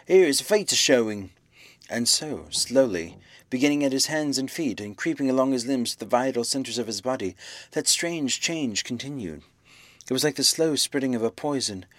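Male audiobook narrator of a classic novel, measured and expressive, middle pitch, dry close sound. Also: no room sound. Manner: measured, expressive reading that acts out the dialogue. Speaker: audiobook reader.

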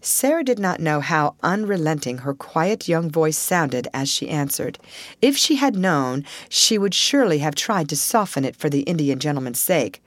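A woman reading a storybook aloud as an audiobook narrator, in an expressive, measured way. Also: low-pitched, no echo. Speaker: audiobook reader. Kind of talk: scripted narration.

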